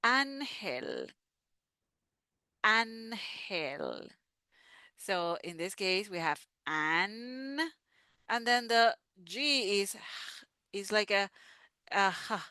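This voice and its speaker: Very slow, bright-voiced woman teacher. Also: medium pitch, clean tone, no room sound, studio quality. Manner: patient, repeats each sound slowly for learners. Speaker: language teacher. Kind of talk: slow pronunciation lesson.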